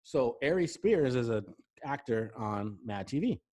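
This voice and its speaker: A man's voice: mid-range voice, measured pace. Chatty male host telling anecdotes. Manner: lively anecdotes, keeps checking in with "right?". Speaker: talk show host. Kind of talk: casual storytelling interview chat.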